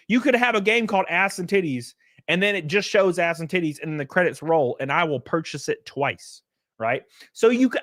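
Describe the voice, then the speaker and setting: Man, middle-aged, loud joking streamer, headset mic, dry sound. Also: high-pitched, dry recording. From Alabama. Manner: loud, joking, reads chat. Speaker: streamer host. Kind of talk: casual livestream commentary.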